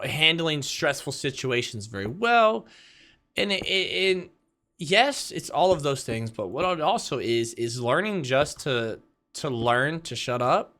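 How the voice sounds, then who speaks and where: A young man vlogging casually, retelling a workplace clash to his viewers in an animated, repetitive way and addressing them directly. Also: medium pitch. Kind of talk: casual storytelling to camera.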